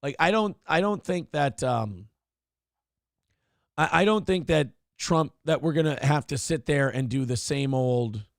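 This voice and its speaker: A man's voice: fairly high pitch, animated, measured pace, vocal fry, no echo, clean studio sound. A man hosting a morning show, riffing on the news in an irreverent, profane way. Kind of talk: comedic news talk.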